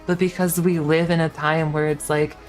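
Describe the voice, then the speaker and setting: A woman's voice: deep voice, flat delivery, normal speed, faint music behind. A young woman in her twenties, a streamer ranting casually, heated and swearing with lots of fillers and restarts. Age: 20s. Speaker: VTuber streamer.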